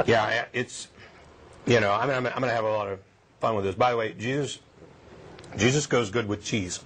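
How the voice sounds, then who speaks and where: A man's voice: medium pitch, huge pitch swings, a little slow, long pauses, noisy background. A man joking around on camera, stammering, laughing often and talking while he eats. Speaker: show regular. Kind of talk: joking casual chat on camera.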